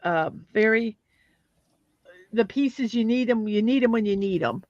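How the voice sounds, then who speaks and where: A woman chats away as she works, hosting a building livestream. She rambles and restarts her sentences. Her voice sits on the higher side, and the sound is dry and a little muffled. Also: unhurried, no echo. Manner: chatty and rambling, with fillers and restarts. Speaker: host of a building-block livestream. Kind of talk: casual livestream chat while building.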